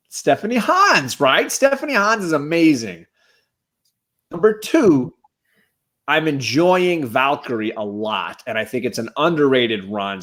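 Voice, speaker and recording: A man on a casual live stream, giving enthusiastic shout-outs to the chat as a guest co-host. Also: mid-range voice.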